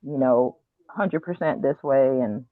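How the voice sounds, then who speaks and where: A woman guest telling her story candidly and earnestly, acting out her own past words with animated asides, heard over a phone or call line. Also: a bass voice, measured pace, no room sound. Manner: earnest, reflective, quotes herself with animated asides. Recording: tinny dry phone line.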